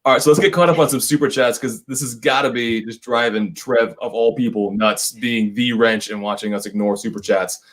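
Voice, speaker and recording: A man's voice: medium pitch, fairly even intonation, a little fast, hardly any pauses, a bit bright. Joking man reading super chats. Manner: laughs often, joking, thanks viewers by name. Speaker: co-host of a whiskey channel livestream. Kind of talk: casual livestream chat.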